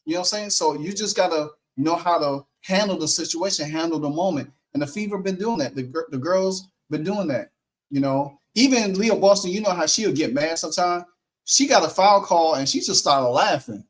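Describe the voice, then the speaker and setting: Animated man on a sports stream. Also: fairly high pitch, moderate pace. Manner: animated, laughs easily, acts out quotes. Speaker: sports talk co-host. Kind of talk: casual post-game sports talk.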